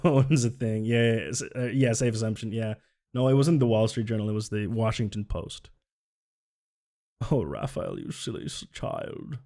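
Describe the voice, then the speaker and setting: A man's voice: mid-range voice, darkish tone. A young man streaming casual political commentary, sarcastic and sweary, laughing often and reading chat aloud.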